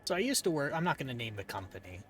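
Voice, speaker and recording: A man streaming a game and telling a rambling story in a casual, dry, deadpan way. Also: mid-range voice, racing, slight background noise. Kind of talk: casual storytelling while gaming.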